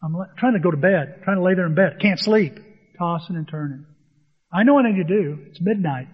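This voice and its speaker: Male pastor, high voice, animated storyteller, sermon in a hall with a long echo, dull sound. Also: brisk, husky. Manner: animated storytelling, acts out dialogue.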